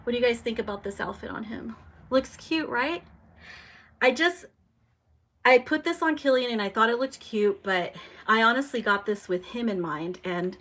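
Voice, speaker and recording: A young adult woman casually hosting a live stream, chatting and reading out viewer comments. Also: mid-range voice. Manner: chatty, reads viewer comments aloud, animated reactions. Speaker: livestream host.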